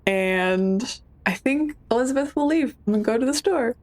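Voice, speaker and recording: A woman's voice: on the high side, lively intonation, moderate pace, darkish tone. A woman taking part as a player in a tabletop role-playing game, easygoing as she describes her character's actions.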